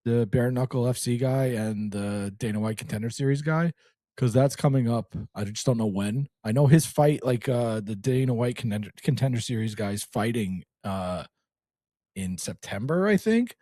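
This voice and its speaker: A man's voice: medium pitch, expressive, normal speed, dark tone, dry recording, studio quality. A man hosting a podcast in casual chat, easygoing and chatty, trailing off with fillers. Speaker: podcast host.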